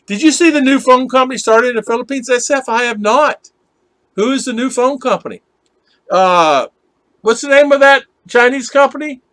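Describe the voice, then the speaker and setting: A man's voice: extremely high pitch, expressive, normal speed, a bit bright, no echo. Chatty man hosting a live stream. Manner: rambling, reads viewer comments aloud, laughs often. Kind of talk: casual live-stream chat with viewers.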